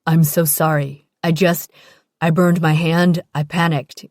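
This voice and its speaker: A woman voicing a young male surgeon boyfriend with a quick temper, curt in anger and pleading in apology. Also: low voice, flat delivery, no echo, studio quality. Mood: apologetic.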